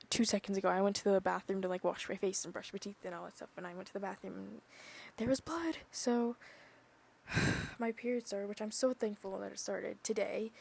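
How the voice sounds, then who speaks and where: Rambling young woman with a creaky voice. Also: medium pitch. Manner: rambling, full of "like" and "literally", drifting soft. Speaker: podcast host. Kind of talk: casual chat.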